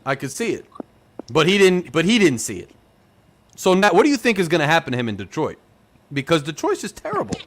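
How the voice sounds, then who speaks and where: A young man hosting a sports podcast, ranting in excited fan chat full of rhetorical questions and "like". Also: fairly high pitch, quick pace, slight background noise. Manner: animated, ranting, rhetorical questions, says "like" a lot. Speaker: podcast host.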